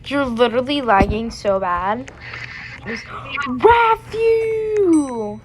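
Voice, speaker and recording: Her voice is on the high side and a little slow, with noise behind it. Playing a game alongside a friend, this young woman keeps up casual, sassy chatter, roasting in heavy slang.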